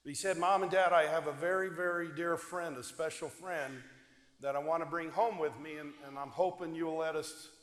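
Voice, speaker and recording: An eager young soldier just home from war, calling his mom and dad, as a deacon puts him on. The voice echoes through a large church with a long, hanging reverb. It sits a little high for a man. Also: steady tone, normal speed, natural voice.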